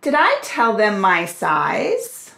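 A woman voicing a fussy female duck who fusses over her socks in a squeaky, exclaiming way. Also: wildly swooping pitch, slow, vocal fry, a bit bright, echoey room, a little hiss or hum, heavily acted. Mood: flustered.

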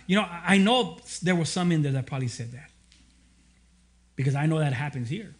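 High-voiced pastor, lively casual sermon. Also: male voice, brisk, long pauses. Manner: casual, animated storytelling with slang and restarts.

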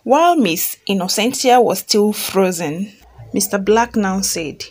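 A woman's voice: medium pitch, expressive, unhurried, breathy edge. A woman who reads a fan story aloud and then retells it chattily, often checking in with listeners and repeating herself.

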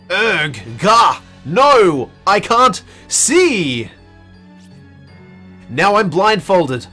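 This let's play streamer reads horror game text dramatically, with a mid-range, slightly bright voice. The delivery is theatrical, given to acted pleading and screams.

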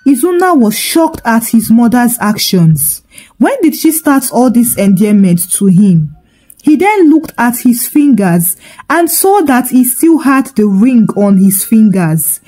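A woman's voice: fairly high pitch, big pitch swings, slow pace, darkish tone, low-quality recording. A woman narrating a folktale in a dramatic storytelling manner.

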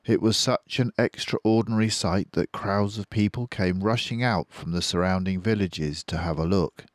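An older British man reading a children's book aloud in a slow, expressive storytelling manner. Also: lowish voice, no echo, clean studio sound.

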